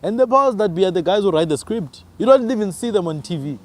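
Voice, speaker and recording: A man's voice: high-pitched, lively intonation, fast. A man from Africa, arguing his views with emphatic rhetorical questions in a passionate podcast conversation. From South Africa.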